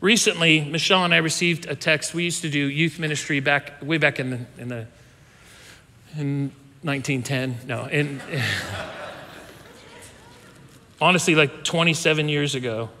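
A pastor in his fifties narrates a childhood story in a relaxed sermon style, halting and restarting sentences and pausing often. His high, bright voice is steady and a little slow, with long reverb as in a big hall and slight background noise.

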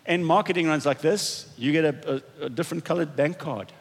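Male pastor, fairly high voice, relaxed conversational sermon, long church hall echo. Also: fairly quick, husky. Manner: conversational, self-deprecating preaching with restarts.

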